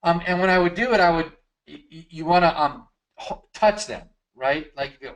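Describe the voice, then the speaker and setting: A man lays out his approach in an easygoing, explanatory way, leaning on fillers as he goes. His voice is slightly high for a man, and the tone stays conversational throughout. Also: moderate pace, poor audio. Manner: relaxed, explanatory, frequent fillers. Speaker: co-host of a marketing training. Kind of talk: casual coaching talk.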